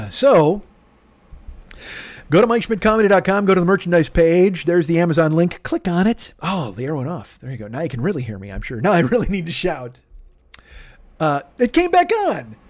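A man in his fifties hosting his own podcast at home, voice hoarse from yelling, rambling with profane, self-mocking comic patter. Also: mid-range voice. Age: 50s. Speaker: podcast host. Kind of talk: casual solo podcast monologue. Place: home room with air conditioner.

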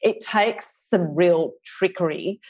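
A woman's voice: lowish voice, slow pace, a little mellow, husky. A woman with an Australian accent and a slight lisp, speaking thoughtfully as an author guest in an interview. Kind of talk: reflective podcast interview.

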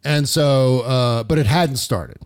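A man in a casual podcast chat rants heatedly about politics and swears freely. He talks in a middle-pitched voice and often restarts his sentences partway through. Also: slow pace. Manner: heated, profane ranting with many restarts. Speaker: podcast host.

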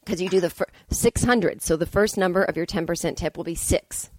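A woman hosting a solo comedic podcast from indoors in a hotel room speaks a little fast in a lowish, slightly mellow voice, with no echo. Exasperated, she plays both sides of a conversation in her story and adds blunt, profane asides.

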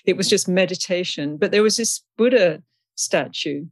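A woman's voice: on the low side, normal speed, breathy edge, no echo. Woman telling stories in an interview, chatty, laughs a lot, dry close sound. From England. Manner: chatty, anecdotal, laughs often. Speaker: interview guest. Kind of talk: storytelling in a conversation.

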